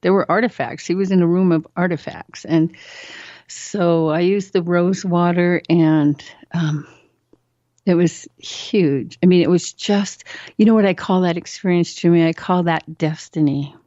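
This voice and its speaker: Mellow-voiced woman telling a story. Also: fairly low pitch, measured pace, no room sound. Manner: animated storyteller who acts out quoted voices. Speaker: interview guest. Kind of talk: telling a personal story on a talk show. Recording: dull, lo-fi sound.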